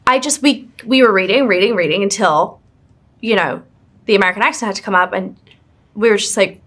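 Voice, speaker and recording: A woman's voice: mid-range voice, brisk, a bit bright. A young woman being interviewed, chatting casually and giggly with lots of fillers and restarts. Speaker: actress and author being interviewed.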